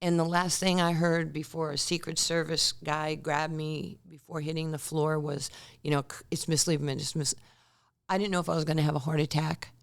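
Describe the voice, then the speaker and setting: A woman's voice: deep voice, normal speed, gravelly. A woman in her sixties, a former basketball player, telling stories as a podcast guest and acting out the quotes. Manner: animated storyteller who acts out quotes. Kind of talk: storytelling in a podcast interview.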